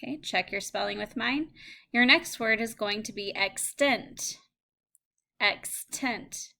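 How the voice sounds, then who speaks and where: Woman teacher, slow careful dictation, bright tone, recorded phonics lesson. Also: on the high side. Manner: slow, clear word-by-word dictation.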